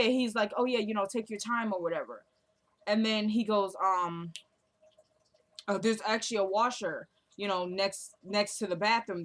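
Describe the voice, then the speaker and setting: A chatty woman with a Southern American accent talks through a TV episode scene by scene. She drops into quiet quoted lines for each character. Her voice sits at an ordinary middle pitch. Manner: chatty, retells scenes quoting characters in a low soft voice. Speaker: TV recap vlogger. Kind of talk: casual episode recap.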